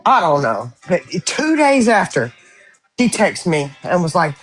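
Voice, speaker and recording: A woman's voice: on the low side, unhurried, slightly rough, soft background music. A woman in heated casual live-stream chat, blunt and profane, retelling a quarrel with lots of swearing. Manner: blunt, profane, animated retelling with voiced quotes.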